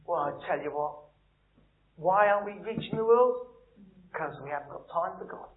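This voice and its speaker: High-voiced blunt preacher. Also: male voice, expressive, normal speed. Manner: blunt, emphatic, swings between quiet and loud. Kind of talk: sermon. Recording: echoey room over a tinny, phone-like line.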